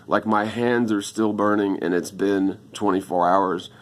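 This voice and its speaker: A man's voice: on the low side, steady tone, unhurried. A man, speaking into a phone camera and pleading with his viewers for help. He rambles in an upset way and keeps saying "man" and "dude.". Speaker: vlogger asking viewers for help. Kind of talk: casual video monologue.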